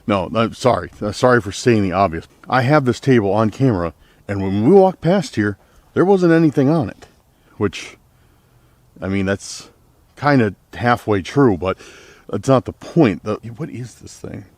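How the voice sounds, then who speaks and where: A man with a fairly low voice talks to his camera outdoors on a night trail, rambling and uneasy, leaning on filler words. The sound is dry and close, with almost no room around it. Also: animated, normal speed, darkish tone, no echo. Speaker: outdoor vlogger exploring trails. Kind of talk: casual vlogging to camera.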